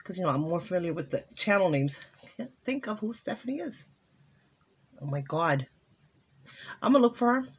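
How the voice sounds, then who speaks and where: A woman's voice: on the low side, very animated, brisk, long pauses, slightly rough. Chatty woman gushing over craft mail. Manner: chatty, exclaims over each card. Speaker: crafting vlogger. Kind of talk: casual chat while opening mail.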